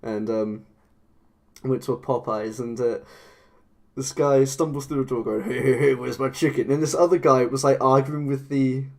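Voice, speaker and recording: A man's voice: mid-range voice, steady tone, normal speed, darkish tone. Chatty English man, laughing streamer. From England. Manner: chatty, rambling, laughs often. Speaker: claymation streamer. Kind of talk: casual live-stream chat.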